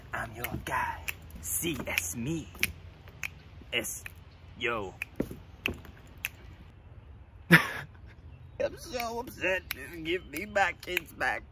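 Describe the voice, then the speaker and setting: A young man playing an eccentric, erratic scat-singing teacher in an improvised mockumentary, lurching between shouting and muttering. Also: medium pitch. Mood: unhinged. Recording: distant mic with background noise.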